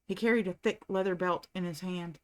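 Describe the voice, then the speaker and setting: A woman reading a novel aloud at a steady, unhurried pace, as the host of a reading channel. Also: lowish voice.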